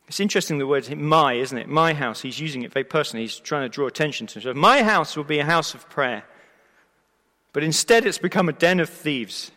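Emphatic male preacher in a reverberant hall. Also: sits high. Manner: expressive, emphatic with rhetorical questions and restarts. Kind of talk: sermon. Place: church or hall before a live congregation. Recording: long reverb of a large hall.

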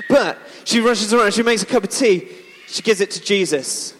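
A man's voice: high voice, fairly quick, hardly any pauses, fairly bright tone. A man leading a church children's talk, retelling a story in a chatty, playful way and asking the audience questions. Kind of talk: lively storytelling to a congregation. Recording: echoey hall.

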